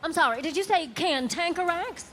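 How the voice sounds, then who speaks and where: A woman's voice: extremely high pitch, animated, moderate pace, a bit bright, a little hiss or hum. A woman playing in a tabletop game, joking playfully with the table. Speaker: player.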